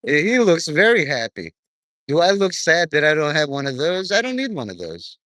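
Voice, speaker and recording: A man's voice: fairly high pitch, big pitch swings, moderate pace, a bit bright, no echo. A man giving a rambling, profane, stream-of-consciousness monologue to his viewers. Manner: profane, stream-of-consciousness, drifting between topics.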